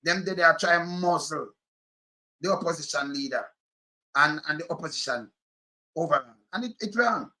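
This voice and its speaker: A man's voice: on the high side, moderate pace, long pauses, bright, forceful tone. A Jamaican man giving a blunt, emphatic political rant in patois. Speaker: political commentator. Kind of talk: animated commentary rant.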